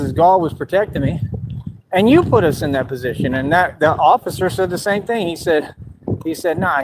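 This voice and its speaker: A man's voice: a little high, a little hiss or hum, low-quality recording. Man ranting casually on a stream. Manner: animated, talks to an absent rival. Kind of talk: casual livestream rant. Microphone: streaming mic.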